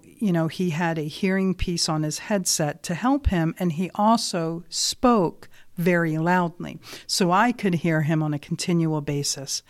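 A woman's voice: fairly low pitch, a little mellow, no echo, clean studio sound. A woman giving a motivational talk, telling a workplace story in a conversational way and asking listeners direct questions. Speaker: motivational speaker.

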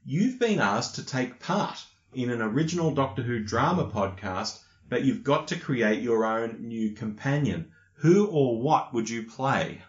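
An Australian man co-hosting a podcast in casual chat, relaxed and laconic, and quick to laugh. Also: medium pitch. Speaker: podcast co-host. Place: hotel room. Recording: lo-fi echoey room recording.

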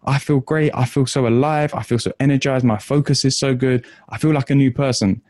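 A man's voice: medium pitch, steady tone, normal speed, darkish tone, no echo, clean studio sound, close to an everyday voice. A man voicing a young male meditation student who bursts in pleading urgently to his master. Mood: elated.

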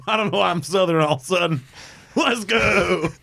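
A man joining a comedy podcast, making crude jokes and deadpan asides with frequent laughter. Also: high voice, moderate pace, creaky, no echo, studio quality. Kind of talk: casual comedic banter.

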